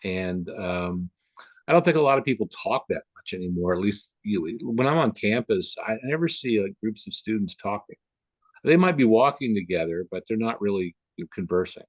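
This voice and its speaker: A man's voice: fairly low pitch, expressive, moderate pace, dry recording. A man from the Upper Midwest chatting as a guest on a video call, rambling with lots of fillers and restarts. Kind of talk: casual conversation on a video call.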